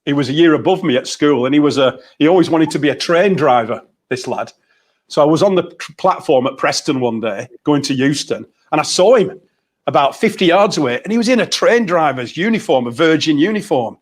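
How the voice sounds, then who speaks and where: A man's voice: on the high side, lively intonation, a little fast. A man, a motivational coach in a casual group chat, telling stories and laughing easily over a video call. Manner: chatty storyteller, laughs easily.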